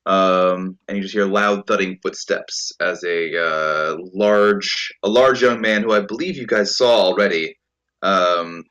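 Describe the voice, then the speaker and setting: A man narrating a tabletop role-playing game as game master, relaxed and full of ums. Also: sits low, a little slow. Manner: relaxed, lots of ums and uhs.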